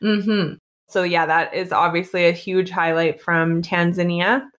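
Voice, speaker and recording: A young woman from Canada, co-hosting a casual chat and telling animated travel stories, full of "like" and "basically". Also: lowish voice, unhurried. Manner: animated storytelling with lots of "like" and "basically". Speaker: co-host recounting travels.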